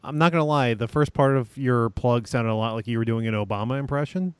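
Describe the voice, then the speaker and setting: A man's voice: mid-range voice, quick pace, smooth, no room sound. A man co-hosting a casual podcast, talking hesitantly with many fillers. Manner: hesitant, lots of fillers, laughs along. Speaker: podcast co-host. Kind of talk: casual chat.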